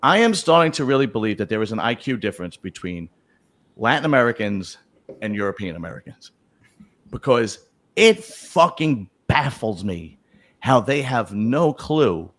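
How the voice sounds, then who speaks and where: A man hosting a casual chat, talking bluntly and profanely, rambling with many restarts. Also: mid-range voice. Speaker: host.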